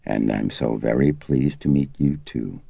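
A man voicing a gentle, sad young priest. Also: extremely low pitch, a little slow, creaky, breathy edge, no room sound, exaggerated voice.

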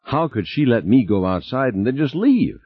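A man voicing a tired, exasperated man under pressure, gruff and close to his own low voice, on a slightly dull recording. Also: big pitch swings, moderate pace.

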